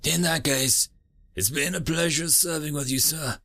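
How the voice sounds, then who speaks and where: A wounded ship's doctor speaks through pain, his words coming out in grunts, as a man plays him. He sounds resigned and steady, set higher than the narrator's own voice. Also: moderate pace, gravelly, heavily acted. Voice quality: pained, grunting.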